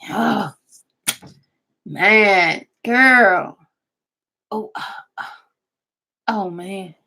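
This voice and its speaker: A woman's voice: medium pitch, extremely slow, gravelly, bright, forceful tone. A woman vlogger, chatting casually and laughing often as she gossips and swears. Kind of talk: casual chat commentary.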